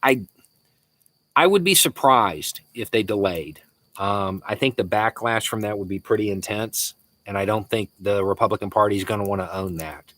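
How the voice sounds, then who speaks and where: A man's voice: lowish voice, normal speed, a bit bright, dry recording. A man from Florida with a Southern accent hosting a casual live Q&A, answering viewer messages with frequent chuckles and hesitant restarts. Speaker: livestream host.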